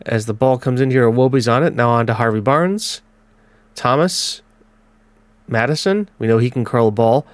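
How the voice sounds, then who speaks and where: A man with a blocked nose giving casual let's-play commentary on a football management game, calling the match in quick bursts. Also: mid-range voice, no echo. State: congested. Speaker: gaming commentator.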